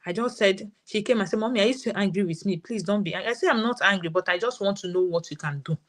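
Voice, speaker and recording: A woman's voice: medium pitch, fast. Nigerian-accented mother telling a story. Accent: Nigerian English. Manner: storytelling, quoting her daughter's words. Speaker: parent guest sharing her experience. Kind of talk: live session testimony.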